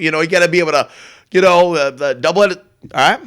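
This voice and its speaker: A man's voice: sits high, rapid-fire, fairly bright tone, clear, resonant tone. A man hosting a morning show in a rambling, profane, brash casual monologue. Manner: brash, profane, jumps between topics. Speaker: host.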